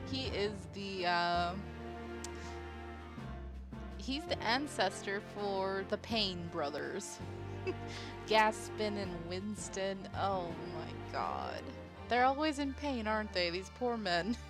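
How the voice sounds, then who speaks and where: Giggly, animated woman streamer. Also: medium pitch, very slow, pauses often. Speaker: let's play streamer. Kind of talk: casual game commentary. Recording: game music playing behind.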